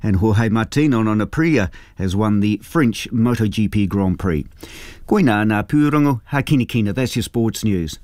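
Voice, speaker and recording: A man with a New Zealand accent reading the sports news in a brisk, formal way. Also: on the low side, lively intonation, a little mellow, no echo, clean studio sound. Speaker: sports newsreader.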